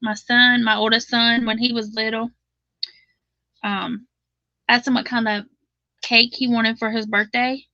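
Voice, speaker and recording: A woman's voice: a little high, level tone, measured pace, pauses often, sharp tone, no echo, lo-fi sound. A middle-aged woman with a Southern drawl, chatting casually as host of a live crochet stream, laughing often and reading viewer comments aloud.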